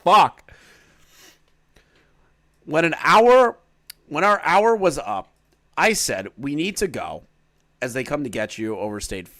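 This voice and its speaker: Man, mid-pitched voice, casual commentary, swears freely, sarcastic asides while reading. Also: sing-song, normal speed, a bit bright. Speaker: drama commentary YouTuber. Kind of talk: reading aloud and commenting on a document.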